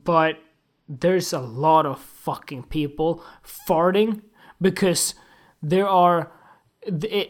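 A man hosting a podcast, telling funny everyday stories in a loose, animated and crude way, often laughing at himself. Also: sits high. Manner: animated, giggly, crude, self-mocking. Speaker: podcast host. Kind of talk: casual comic storytelling.

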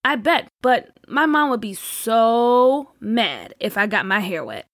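A shy new girl, played by a woman, speaks softly and hesitantly in a fairly high, lively voice. Her lines sound reserved and low-key, recorded close and dry. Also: slow pace, dry recording, exaggerated voice. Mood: quiet.

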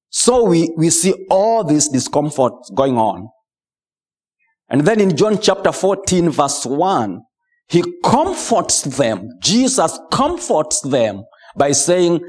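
Slow, lively male preacher. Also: breathy edge. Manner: slow, lively preaching with rising and falling pitch. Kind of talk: sermon.

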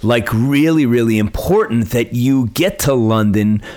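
A man's voice: mid-range voice, a little slow, darkish tone. A man hosting a comedic podcast, enthusiastic and laughing often as he banters. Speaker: podcast host.

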